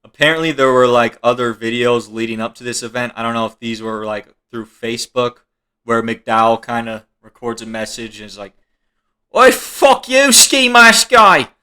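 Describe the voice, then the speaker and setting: A man's voice: mid-range voice, flat delivery, brisk, fairly bright tone, clean tone. A man giving joking reaction commentary on videos, laughing now and then and swearing casually as he explains.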